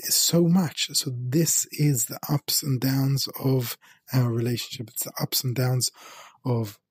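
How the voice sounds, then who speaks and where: Husky man giving an earnest Torah talk. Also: medium pitch, fairly even intonation, slow, no room sound. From England. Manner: earnest, repeats phrases for emphasis. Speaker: rabbi.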